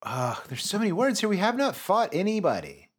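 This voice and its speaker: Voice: very animated, a little fast. A podcast co-host riffing and joking in a casual comedy chat. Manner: jokey, swoops up and down in pitch.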